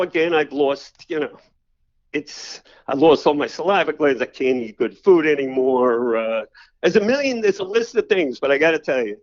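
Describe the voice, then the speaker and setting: An older man, a podcast guest telling personal stories in a loose, rambling way full of "you know" fillers. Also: mid-range voice. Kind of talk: casual storytelling interview. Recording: slightly dull lo-fi audio.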